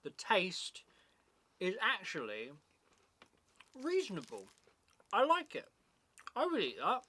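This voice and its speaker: A man's voice: high voice, huge pitch swings, takes it slowly, pushed and bright, slightly rough. A man co-hosting a casual product review, enthusiastic, with hesitant phrasing full of "like".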